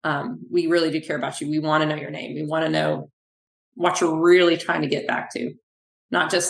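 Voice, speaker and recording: Woman pt chatting on a podcast, lowish voice, tells stories, acts out the lines, kinda echoey room. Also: moderate pace, creaky. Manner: animated, acts out quoted dialogue. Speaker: physical therapist, clinic owner. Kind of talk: podcast interview, conversational storytelling.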